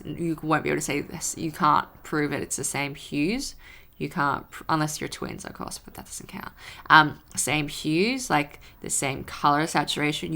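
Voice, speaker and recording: A young woman vlogging in a casual, rambling way, breaking into animated acted-out rants. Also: low voice, gravelly. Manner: rambling, animated, acts out her own frustrated rants. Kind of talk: casual talk to camera.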